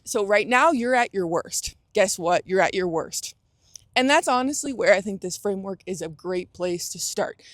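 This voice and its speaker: A woman's voice: medium pitch, no echo, studio quality. A young adult woman hosting a motivational talk, speaking earnestly with frequent restarts and acted-out inner thoughts. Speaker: host.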